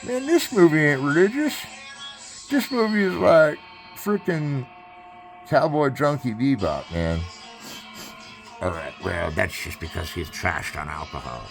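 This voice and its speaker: A man's voice: medium pitch, lively intonation, a little slow, gravelly, long pauses, soft background music. A man hosting a film riff, rambling in improvised commentary that moves between mock-solemn chanting and joking asides. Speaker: host riffing over a film.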